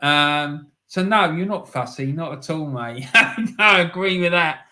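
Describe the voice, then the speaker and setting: Reading chat during his live stream, a host laughs frequently and addresses viewers as "mate" in easygoing conversation. He talks a little slowly in a fairly high, sharp-toned voice.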